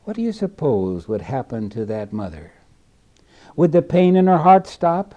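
A man preaching a sermon in a slow, deliberate way, dropping to a hush and then rising loud again. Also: a little high, very animated, muffled recording.

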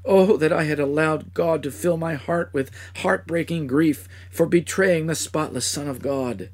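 A man playing a remorseful betrayer in a dramatic first-person monologue, speaking with a husky voice and crying out in anguish. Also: on the high side, measured pace, pitched above the performer's own voice. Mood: regretful. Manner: impassioned, cries out in anguish. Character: remorseful man who betrayed his master.

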